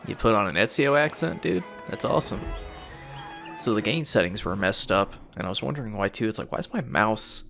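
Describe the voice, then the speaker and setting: A man rambles casually over his own video game playthrough, swearing freely. His voice is on the low side yet bright, and his pitch moves very lively. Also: gravelly. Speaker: gameplay commentator. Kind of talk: casual let's play commentary.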